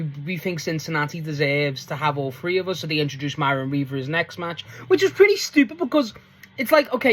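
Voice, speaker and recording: A man giving a casual, rambling solo review recap, full of likes and ums, casual swearing, and bursts of pitch when he acts out quotes. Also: a bit bright. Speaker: show reviewer.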